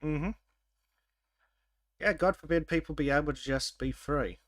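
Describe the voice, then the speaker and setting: A man hosting a podcast in casual chat, wry and sarcastic, with halting restarts. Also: on the high side, no room sound. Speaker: podcast host.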